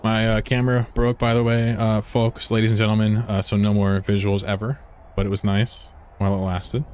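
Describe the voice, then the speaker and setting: A man's voice: on the low side, completely flat delivery, fairly quick, a little mellow, clear, resonant tone. A man chatting casually to his viewers during a live game stream at home, rambling and swearing freely. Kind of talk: casual live-stream chat while gaming. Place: room at home with a window.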